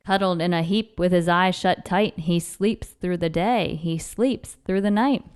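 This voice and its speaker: A woman reading a children's picture book aloud in a rhythmic, expressive way. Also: on the low side, measured pace, clean tone. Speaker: storybook reader.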